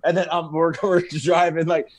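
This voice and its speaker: A man who is a firefighter and comedy video maker, chatting as a podcast guest, telling stories in a lively, laughing, slangy way. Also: on the high side, normal speed. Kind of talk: casual podcast interview.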